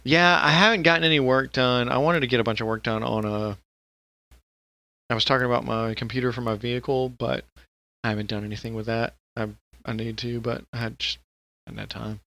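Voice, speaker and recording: Gravelly, bright-voiced man chatting casually. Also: medium pitch, fairly even intonation, brisk, dry recording. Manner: rambling and profane, with frequent laughter. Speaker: podcast co-host. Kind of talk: casual podcast chat.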